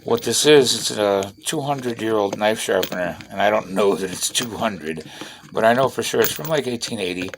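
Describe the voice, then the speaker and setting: A man's voice: fairly low pitch, normal speed, slight background noise. A middle-aged man, rambling bluntly and profanely in a casual vlog while working with tools. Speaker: vlogger.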